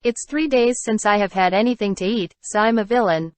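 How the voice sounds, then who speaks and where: A woman's voice: mid-range voice, a little fast, dry recording, natural voice. A woman voicing a ferocious, starving male innkeeper who rants with scorn, in a storybook reading. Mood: bitter ranting. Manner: ranting, scornful.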